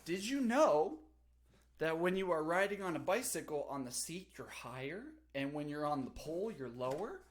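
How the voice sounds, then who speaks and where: A young man on a casual livestream, telling a story with animated delivery, big pitch jumps and laughter. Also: a little fast, few pauses. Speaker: streamer.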